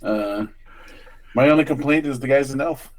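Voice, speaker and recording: Man, podcast host, joking, laughing, casual chat, average pitch. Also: moderate pace, low-quality recording. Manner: jokey, laughs often, lively exclamations.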